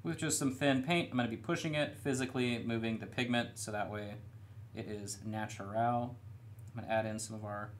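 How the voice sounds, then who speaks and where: Briskly and at medium pitch, a young man chats through a faint hiss or hum while painting miniatures live. He's in a studio room, relaxed and a bit rambling, often downplaying himself.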